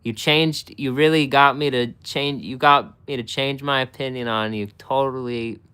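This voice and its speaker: A man's voice: medium pitch, steady tone, moderate pace, bright, forceful tone, clear, resonant tone. A young man streaming live, chatting casually with his viewers and swearing a lot. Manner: profane, talks to chat.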